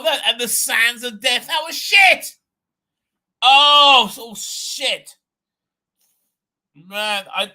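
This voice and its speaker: A man's voice: sits high, sharp tone. A man hosting a livestream, ranting with a lot of swearing and exasperation, and reading chat messages aloud. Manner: reads chat names and comments aloud. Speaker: livestream host.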